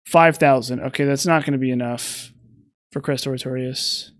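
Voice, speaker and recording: A man's voice: medium pitch, steady tone, moderate pace. A man giving casual gameplay commentary, rambling and thinking aloud with self-deprecating asides.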